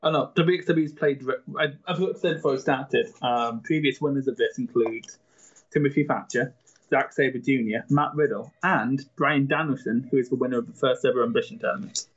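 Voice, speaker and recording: A chatty, well-informed man co-hosting a laid-back watchalong podcast. His voice is husky, and the recording sounds dull and lo-fi. He laughs often as he talks. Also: medium pitch, fairly quick. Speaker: podcast co-host. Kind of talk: casual watchalong chat.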